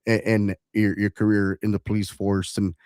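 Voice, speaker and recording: A man's voice: fairly low pitch, level tone, moderate pace, darkish tone, dry recording, clean studio sound. A man hosting a radio talk show, talking in a consoling, hesitant way. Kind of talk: casual interview chat.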